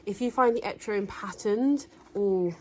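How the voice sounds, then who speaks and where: A woman's voice: mid-range voice, normal speed, a little hiss or hum, low-quality recording. Chatty woman showing her thrift finds. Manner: chatty, enthusiastic, showing items. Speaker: reseller vlogger, co-host. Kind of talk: casual haul video chat.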